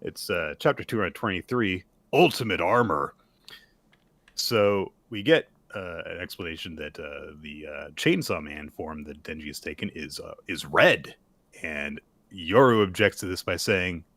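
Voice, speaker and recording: Male podcast co-host, lower voice, dry close mic, lively recap delivery. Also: a little slow, dry recording. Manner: animated, acts out character lines with laughter. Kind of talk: casual manga recap chat.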